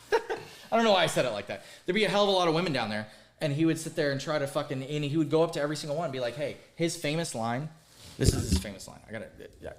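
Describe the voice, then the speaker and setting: A man hosting a podcast, telling crude stories in a casual, animated, emphatic way. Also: fairly high pitch, very fast, echoey room. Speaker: podcast host. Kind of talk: casual storytelling chat.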